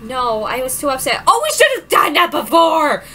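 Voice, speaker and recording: A woman commenting on a story game, expressive, giggly and melodramatic. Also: high voice, normal speed, slight background noise, poor audio. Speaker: gameplay commentator.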